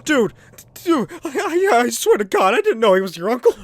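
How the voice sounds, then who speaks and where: Man doing a stammering scared young mugger, high and rushed, lively pitch. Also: no echo, exaggerated voice. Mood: pleading. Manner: stammering, pleading. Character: panicked young male mugger, pleading.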